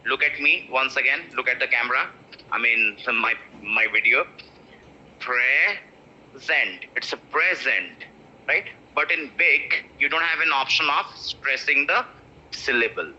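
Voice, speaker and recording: A man teaching pronunciation, repeating words slowly to stress syllables. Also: medium pitch, pushed and bright. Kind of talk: spoken English lesson. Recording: muffled lo-fi audio.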